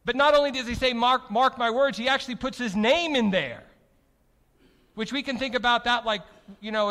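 A man preaching a sermon, emphatic, with rhetorical questions, swinging from loud proclamations to quiet, soft passages. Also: sits high. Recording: reverberant hall.

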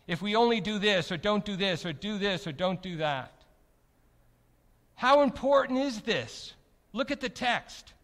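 Male preacher, high voice, emphatic sermon delivery, long hall reverb. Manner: emphatic, rhetorical questions, swings from loud to soft.

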